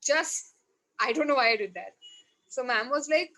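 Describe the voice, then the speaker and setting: A woman with an Indian English accent, a podcast guest telling a story in casual conversation, animated, laughing often and acting out dialogue. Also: high voice, normal speed, low-quality recording. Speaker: podcast guest, marketing head.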